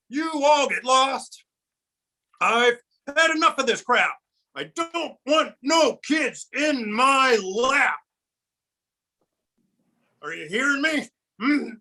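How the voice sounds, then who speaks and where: A man voicing a grumpy old grandpa who is sick of being mistaken for Santa, ranting and singing in a high, bright put-on voice. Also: full character voice, poor audio. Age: older. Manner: cranky, ranting, sings and shouts. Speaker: puppeteer. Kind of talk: comic puppet song.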